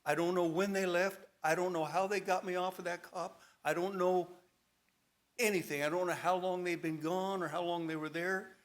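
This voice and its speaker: A man's voice: high voice, fairly even intonation, normal speed. A man telling his personal testimony at a church service, dramatic storytelling with a voice that rises and falls with emotion. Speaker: church member giving testimony.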